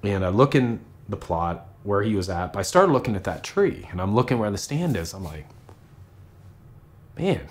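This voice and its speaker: Deeper-voiced man recounting a hunt. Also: big pitch swings, fairly quick, few pauses. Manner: conversational, quotes himself and others, repeats words. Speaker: hunter telling his story. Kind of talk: interview storytelling.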